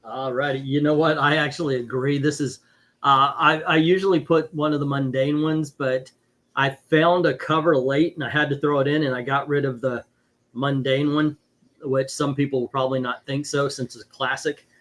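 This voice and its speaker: A man's voice: medium pitch, steady tone, moderate pace, fairly bright tone. A middle-aged man hosting a casual podcast over a video call, joking and rambling as he talks. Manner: joking, rambling, self-interrupting. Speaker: host.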